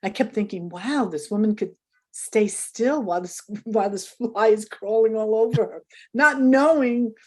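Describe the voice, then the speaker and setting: A woman's voice: a little high, normal speed, a little mellow. An older woman, a guest in an interview, telling stories animatedly, acting out quotes and laughing often. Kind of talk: casual storytelling interview.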